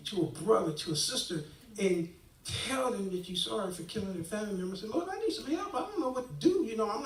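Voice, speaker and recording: Man, 60s, church testimony, lively storyteller doing all the voices, heard from a distant mic in an echoey hall. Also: high-pitched. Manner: animated storyteller acting out quoted dialogue. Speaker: guest speaker giving testimony. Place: church hall, live stream.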